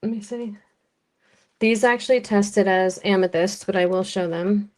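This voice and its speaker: Bids get called and each jewelry piece described by an American woman leading a live-streamed auction at a relaxed, talkative pace. She has a medium-pitched voice with a steady tone.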